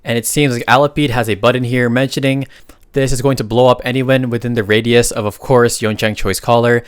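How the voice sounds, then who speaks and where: A man casually recapping a comic story, reading out characters' lines and reacting with excited slang. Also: medium pitch, a little fast, smooth, no echo, studio quality. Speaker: recap narrator.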